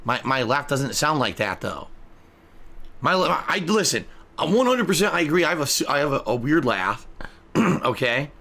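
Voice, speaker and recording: A man's voice: fairly high pitch, very animated, moderate pace, vocal fry, bright, forceful tone. A man streaming to his chat, ranting in an angry, profane, defensive way. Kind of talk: livestream rant to chat.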